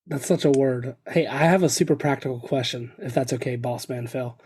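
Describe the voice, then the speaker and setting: A man's voice: medium pitch, fairly quick, darkish tone. A man co-hosting a podcast, asking questions in a playful, joking way. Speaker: podcast co-host. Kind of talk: conversational interview.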